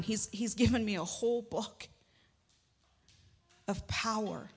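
A woman pastor delivers a sermon in a church, talking in a chatty, joking way and pushing hard on her points with sudden emphatic rises. Her voice sits at an ordinary middle pitch and carries a long hall reverb. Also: slightly rough. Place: church sanctuary.

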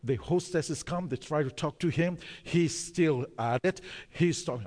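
Casting note: higher-voiced male preacher, emphatic and repetitive, long reverb of a big hall. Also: measured pace, few pauses, darkish tone. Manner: emphatic, repeats key words, hesitant fillers. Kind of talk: sermon storytelling.

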